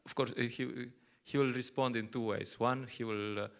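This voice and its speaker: A man with a gravelly, middle-pitched voice gives a relaxed scripture class in English, which is not his first language. He talks conversationally, laughs often and slips into short acted-out quotes. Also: moderate pace. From Slovenia. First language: Slovenian. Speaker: lecturer at a temple.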